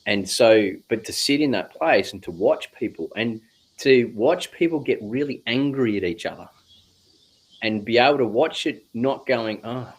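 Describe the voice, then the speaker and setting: A man, a guest speaking slowly and reflectively on spiritual ideas, with drawn-out phrasing and casual swearing. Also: medium pitch, expressive, breathy edge.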